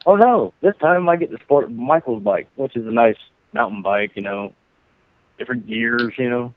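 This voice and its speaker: A man's voice: medium pitch, a little slow, pauses often, slight background noise. A man telling a rambling, profane story on a podcast, laughing at his own jokes. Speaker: podcast co-host. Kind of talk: casual storytelling. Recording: dry, phone-like narrow sound.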